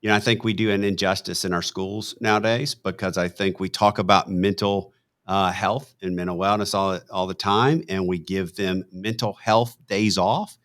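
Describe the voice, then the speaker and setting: A man's voice: low voice, normal speed. A middle-aged man, chatting on a panel and telling stories, getting worked up as he goes. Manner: animated storytelling, gets worked up. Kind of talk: casual panel chat.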